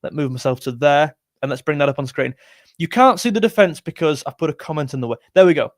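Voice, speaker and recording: A man's voice: fairly high pitch, fast, dry recording, clean studio sound. A man hosting a football live stream, chatting and reading out viewer comments in a rambling, self-correcting way. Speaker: football livestream host.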